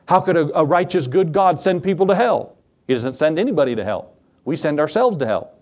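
A man preaching a sermon to his congregation, animated, acting out Bible scenes in quoted voices. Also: a little high, fairly quick. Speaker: pastor.

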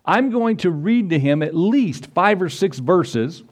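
A man preaching to his congregation in a folksy, conversational way. His voice sits a little high for a man, and he drifts into acted-out quotes and short stories to make his point. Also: lively intonation, measured pace. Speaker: pastor. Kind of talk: sermon.

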